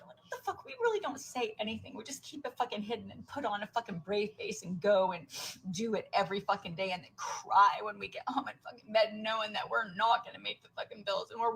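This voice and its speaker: A woman's voice: medium pitch, fairly bright tone, slight background noise, poor audio. An American woman, a working mother, venting tearfully to camera in a raw, profane rant that drops into whispers.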